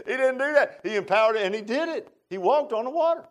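A male pastor preaching a sermon in an animated, informal way, often repeating words and making joking asides to the congregation. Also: high voice, fast talker, hardly any pauses.

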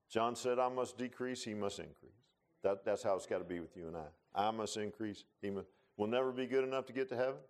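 A man preaching a sermon in a folksy, animated way, often calling listeners "man.". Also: on the low side, brisk.

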